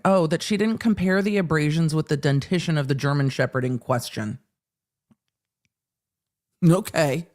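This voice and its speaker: A woman with a lowish voice hosts a live legal commentary stream. Her pitch swings widely as she rants, swears and acts out courtroom exchanges. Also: vocal fry. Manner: animated ranting with profanity and acted asides. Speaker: host.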